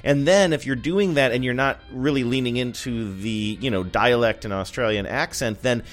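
A man co-hosting a podcast, chatting in an animated, rambling way. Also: mid-range voice, normal speed. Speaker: podcast co-host. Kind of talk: casual chat.

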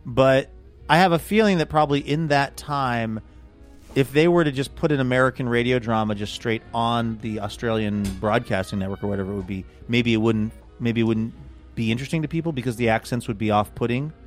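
A man's voice: medium pitch, fairly quick, faint music behind. A man co-hosting a podcast, talking things through in a hesitant, musing way. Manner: thoughtful, hesitant. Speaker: podcast co-host. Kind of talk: casual chat.

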